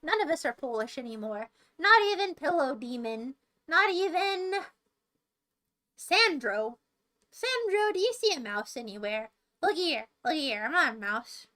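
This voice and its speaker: A woman's voice: high-pitched, sing-song, moderate pace, bright, forceful tone. A young American woman streaming, chatting casually and playfully taunting her chat with mock boasts. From United States. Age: young adult.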